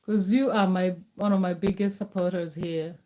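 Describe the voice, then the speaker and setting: A woman's voice: fairly low pitch, steady tone, normal speed, dark tone. A middle-aged woman from Kenya, chatting casually on a live stream, answering viewers' comments in a reassuring way and repeating her words.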